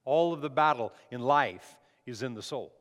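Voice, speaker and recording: A man's voice: mid-range voice, lively intonation, normal speed, a bit bright. A man preaching a conversational sermon as a pastor, often restarting his phrases. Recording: long hall reverb.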